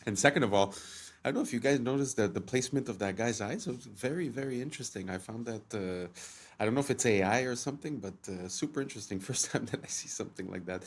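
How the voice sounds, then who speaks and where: A man's voice: mid-range voice, fast, husky. A man hosting a reaction video, musing aloud with a hesitant, restart-filled manner and talking straight to his viewers. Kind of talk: casual reaction commentary.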